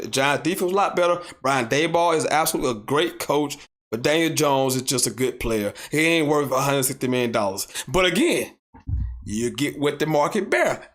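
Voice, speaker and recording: A man with a Southern American accent hosting a solo sports podcast, arguing his points with heavy repetition and reading viewer comments aloud. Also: sits high. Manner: animated, repeats points for emphasis, rising to near shouts; reads viewer comments aloud and argues back. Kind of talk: solo sports talk show.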